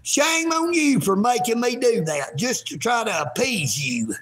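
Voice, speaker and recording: A man, vlogging outdoors at a park in a folksy, rambling way that bursts into shouting. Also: very high voice, sing-song, a little slow, slightly rough. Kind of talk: rambling livestream vlog.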